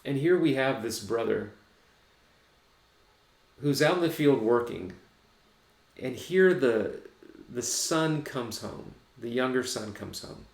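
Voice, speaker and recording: A man's voice: mid-range voice, expressive, slow pace, creaky, pauses often. A man pastor giving a reflective, conversational sermon in a church. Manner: reflective, conversational preaching with restarts. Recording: echoey room.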